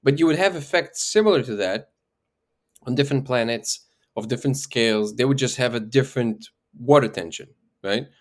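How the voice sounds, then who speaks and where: A guest researcher being interviewed explains ideas in casual conversation, thinking aloud, restarting sentences and often checking in with "right?". He speaks at medium pitch and a moderate pace.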